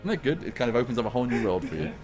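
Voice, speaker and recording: A British man hosting a casual chat, talkative and quick to laugh, often trailing off into fillers. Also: medium pitch, very animated, loud music behind the voice. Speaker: host. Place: office studio.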